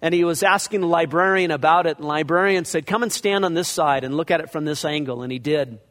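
A man's voice: a little high, fast, a bit bright. A man preaching a verse-by-verse sermon in a conversational way, acting out scripture passages in character as he goes. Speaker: pastor. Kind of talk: expository sermon. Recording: long reverb of a large hall.

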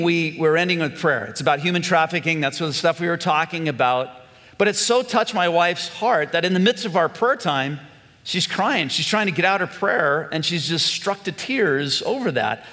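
A man's voice: fairly high pitch, a bit bright, long reverb tail. A male pastor preaching an earnest, conversational sermon, full of questions put to his congregation.

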